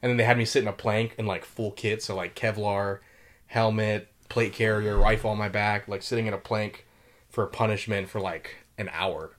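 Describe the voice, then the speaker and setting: Young man, lowish voice, casual storytelling, lots of swearing and fillers. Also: steady tone, fairly bright tone. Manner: swears a lot, quick and loose with many fillers. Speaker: podcast host telling military stories.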